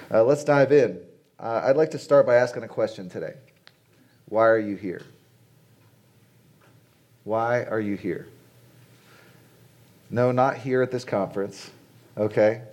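At a conference venue, a man in his late forties with a lowish, darkish voice gives a conversational sermon. He's chatty and asks the audience rhetorical questions.

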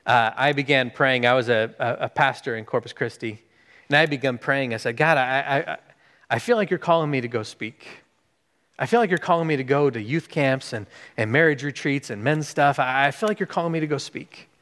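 A man's voice: medium pitch, fairly quick, in a large hall. A man who is a pastor, preaching a sermon and telling a story, acting out the voices of the people in it. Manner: animated, acts out quoted dialogue.

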